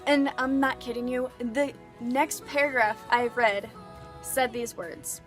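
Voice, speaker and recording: A woman's voice: a little high, steady tone, slow pace. Chatty young woman, faint music behind. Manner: chatty, frequent "like" fillers, earnest. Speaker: vlogger. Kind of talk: casual storytelling.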